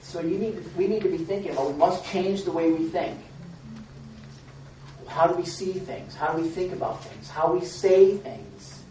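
A woman's voice: fairly low pitch, expressive, moderate pace, dark tone, very echoey, distant mic, highs cut off. A woman pastor preaching a sermon in a conversational way, asking her congregation questions.

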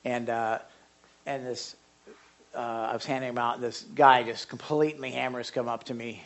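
A man, a pastor, giving a conversational sermon to a live congregation in an animated way, with big jumps in pitch and loudness. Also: normal speed. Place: church service before a live congregation.

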